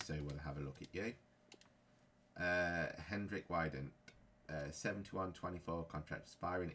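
Deep-voiced frustrated man gaming. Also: a bit bright, slight background noise. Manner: frustrated, grumbling. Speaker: gaming YouTuber. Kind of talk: casual gameplay commentary.

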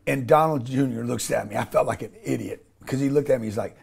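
A man's voice: medium pitch, fast talker, creaky, breathy edge. A man speaking as an interview guest, blunt and emphatic, often restarting and swearing casually.

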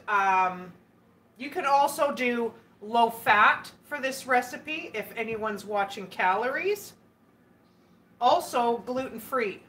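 A woman's voice: a little high, bright, forceful tone, a little hiss or hum. A woman hosting a casual live stream, chatting and giggling as she answers viewer comments. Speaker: livestream host.

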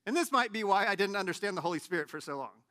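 A man in his late thirties, a pastor giving a conversational sermon with animated, self-deprecating humor. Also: sits high, very fast. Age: late 30s.

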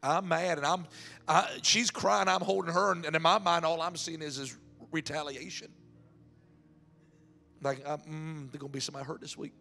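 A man preaching as a pastor, candid and emotional, swinging from hushed confession to raised shouts. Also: on the high side, fairly even intonation, moderate pace, gravelly, faint music behind. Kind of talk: sermon.

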